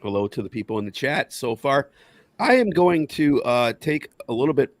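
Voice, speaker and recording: A man's voice: medium pitch, animated, moderate pace, dry recording. A man hosting a casual podcast chat, jokey and riffing. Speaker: podcast host.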